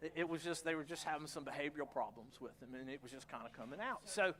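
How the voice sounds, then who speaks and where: A man's voice: fairly high pitch, fast. A middle-aged man, preaching a sermon in a church and acting out his own reactions as he tells stories. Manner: animated storytelling, acts out his own reactions. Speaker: pastor. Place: church sanctuary.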